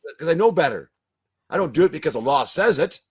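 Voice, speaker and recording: A man's voice: fairly high pitch, sing-song, quick pace. An older man, ranting bluntly as a guest in a video-call discussion, swearing and stumbling over repeated words. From Canada.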